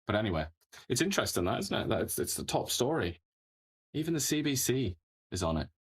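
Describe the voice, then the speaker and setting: A man's voice: mid-range voice, sing-song, a little fast, husky. A man co-hosting a political talk show, talking casually and rambling, chuckling mid-sentence and ending points with tag questions.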